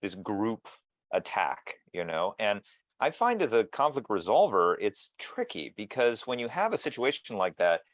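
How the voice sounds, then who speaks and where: A man's voice: lowish voice, very animated, normal speed, no echo. A man interviewing guests over a video call, thoughtful and musing, with frequent restarts. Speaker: interviewer and mediator.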